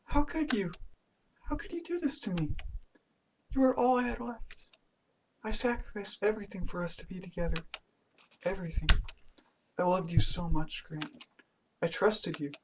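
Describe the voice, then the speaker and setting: A man voicing an anguished teenage girl club president, reading her lines in a tearful, pleading falsetto. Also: unhurried, pauses often, a little hiss or hum. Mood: hurt accusing. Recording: loud game music under voice.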